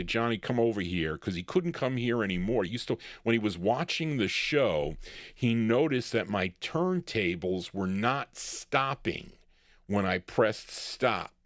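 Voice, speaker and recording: Low-voiced guy dj rambling between records, dry close mic. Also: no room sound. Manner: rambling, self-correcting, chatty. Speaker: radio show host spinning records. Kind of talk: casual live show chatter between records.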